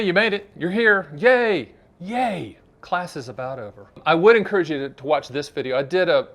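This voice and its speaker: A man, hosting a finance explainer vlog in a chatty, salesy, joking way and talking straight to the viewer. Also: mid-range voice. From Southern United States. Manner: jokey, chatty, salesy, addresses the viewer directly. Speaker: annuity advisor and show host. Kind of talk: direct-to-camera explainer vlog.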